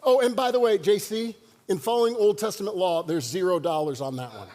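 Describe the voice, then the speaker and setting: Pastor guy preaching, chatty and jokey with the crowd, high voice, big church echo. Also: fairly quick, a little mellow. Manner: conversational, joking with the congregation. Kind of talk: sermon. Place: church sanctuary. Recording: long church hall reverb.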